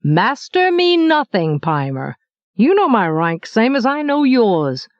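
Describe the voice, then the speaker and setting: A woman's voice: on the high side, sing-song, takes it slowly, no echo, lo-fi sound. A woman voicing a middle-aged male baker journeyman, blunt, teasing and mock-stern.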